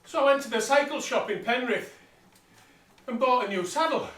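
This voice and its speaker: Man, high-pitched, slightly out of breath, plain-spoken, echoey distant recording. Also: lively intonation, normal speed, fairly bright tone. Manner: blunt, plain-spoken, talks while pedalling an exercise bike. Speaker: vlogger. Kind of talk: casual motivational talk. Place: indoor room with exercise bike. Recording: roomy sound from a distant mic.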